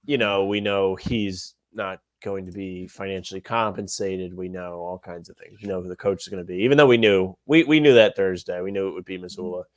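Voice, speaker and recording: Low-voiced man ranting on a podcast. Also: a little fast, few pauses, dry recording. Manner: opinionated, animated ranting. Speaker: podcast co-host. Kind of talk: casual sports podcast chat.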